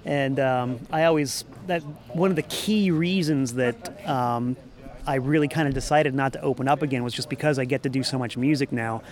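A man's voice: medium pitch, steady tone, normal speed, a little mellow. A man, a musician and former record store owner, talking in a rambling, upbeat way in a casual interview in a parking lot. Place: parking lot outside a venue.

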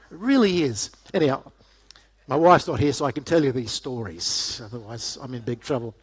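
A man's voice: on the high side, fairly quick, breathy edge. A middle-aged man giving a casual, joking talk to a church audience, often asking them questions. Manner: jokey, chatty, asks the audience questions. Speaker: guest speaker.

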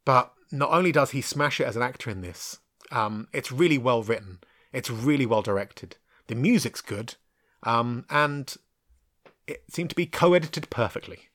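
A man's voice: medium pitch, expressive, moderate pace, a bit bright, dry recording, studio quality. A man in his thirties, chatting through a casual solo film-review podcast, rambling with lots of ums and frank asides. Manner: rambling, frequent ums and restarts, frank with mild swearing.

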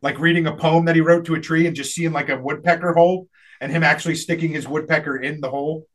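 A man's voice: a little high, fairly even intonation, quick pace, fairly bright tone. A man telling a rambling funny story in casual chat, laughing often and acting out the people he quotes.

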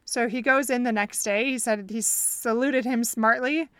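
A woman's voice: fairly high pitch, steady tone, unhurried, no room sound. A woman hosting a faith-based podcast as a counselor, telling a story earnestly and asking listeners reflective questions.

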